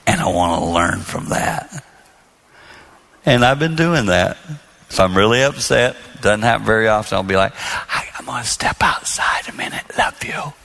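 Bright-voiced man preaching to a crowd. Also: fairly low pitch, gravelly. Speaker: marriage speaker. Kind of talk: sermon-style talk to an audience.

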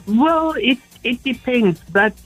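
A woman's voice: a little high, animated, slow pace, slightly rough, soft background music. A woman calling into a radio show, answering hesitantly with plenty of fillers. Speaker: caller, quiz contestant. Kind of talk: on-air phone chat.

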